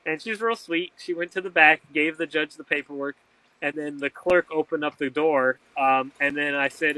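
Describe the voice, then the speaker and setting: An interview guest, a man with a bright, forceful voice a little higher than most men's, recounting events with animation. He slips into the voices of the people he quotes. The sound is close and dry. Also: steady tone, moderate pace, no echo, rough recording. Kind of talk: storytelling in conversation.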